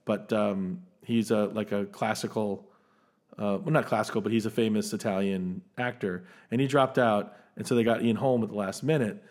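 On a film podcast, a co-host with a lowish voice speaks at a moderate pace. His manner is casual and animated, full of enthusiasm, frequent laughs and many restarts.

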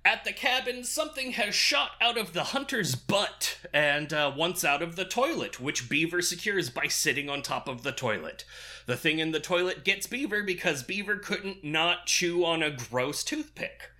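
A man's voice: a little high, expressive, moderate pace, sharp tone. A man recapping a movie plot in casual, crude, sarcastic podcast chat. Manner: sarcastic, crude, laughing often.

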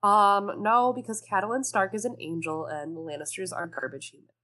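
A woman co-hosting a casual book discussion podcast, animated and sarcastic, swearing freely. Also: medium pitch, fairly quick. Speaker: podcast co-host.

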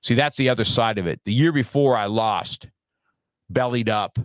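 A middle-aged man on a podcast, telling a story in a lively, casual way and acting out his own lines from the past. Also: medium pitch, moderate pace, no echo. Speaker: podcast guest.

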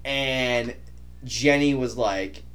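A young adult man telling stories in casual podcast chat, animated and imitating other people's voices. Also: mid-range voice, extremely slow, a little hiss or hum. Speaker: podcast co-host.

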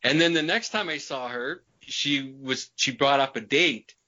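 A man with a bright, forceful voice tells a personal story as an interview guest. He rambles, repeats himself and breaks into laughs along the way. The sound is slightly muffled and lo-fi. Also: medium pitch, measured pace. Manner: rambling, repeats words, laughs between sentences. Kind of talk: casual storytelling.

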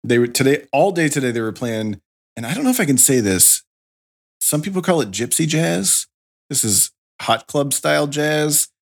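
A man in casual podcast chat who rambles through stories with frequent filler pauses. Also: on the high side, lively intonation, vocal fry. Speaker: podcast co-host.

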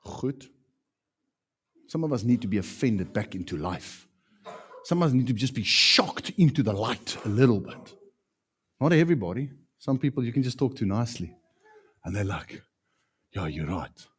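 Male pastor, emphatic sermon delivery, lively swinging intonation. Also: medium pitch, normal speed, long pauses, slightly rough. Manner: animated, emphatic preaching with sudden loud peaks.

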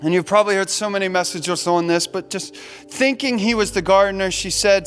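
High-voiced impassioned male pastor. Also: fairly quick, a bit bright, faint music behind. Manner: impassioned, repeats words, voices the disciples' despair. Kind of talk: sermon.

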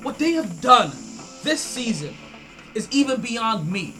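A man hosts a casual sports podcast on his own, his voice high and bright. He talks in an animated, rambling way, stacking restarts and getting loud when excited. Faint music plays underneath. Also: measured pace. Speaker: podcast host.

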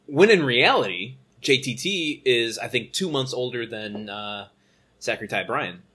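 A man's voice: medium pitch, lively intonation, measured pace, sharp tone, husky. A man co-hosting a podcast in a casual chat, recapping episodes with chatty asides. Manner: chatty, recaps episodes with fillers and acted quotes. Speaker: podcast co-host.

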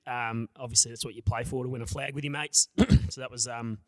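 Quick Australian man in his thirties. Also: medium pitch, steady tone, no echo. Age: 30s. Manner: reflective, rambling recollection. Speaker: podcast guest. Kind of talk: casual interview.

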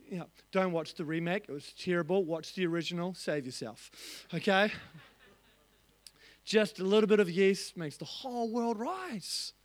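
A man preaching a sermon as pastor in a church, animated and joking, acting out little voices. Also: sits high, moderate pace, hardly any pauses, no room sound.

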